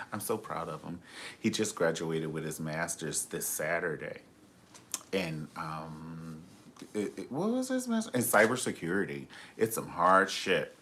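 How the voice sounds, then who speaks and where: A man's voice: sits low, a bit bright, a little hiss or hum. A man hosting a casual live stream, telling gossipy stories in a sassy, flamboyant, profane way and calling people honey.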